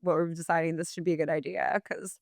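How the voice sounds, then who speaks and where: A woman's voice: on the low side, flat delivery, fast, no room sound, studio quality. A woman who is a guest on a podcast, talking in an easygoing, rambling casual chat. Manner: easygoing, rambling with fillers and laughs.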